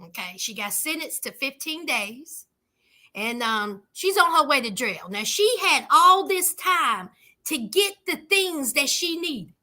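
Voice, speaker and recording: High-voiced sassy woman recapping TV. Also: animated, a little slow, sharp tone. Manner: sassy, emphatic, talks straight to viewers. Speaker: reality TV recap host. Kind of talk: casual recap commentary.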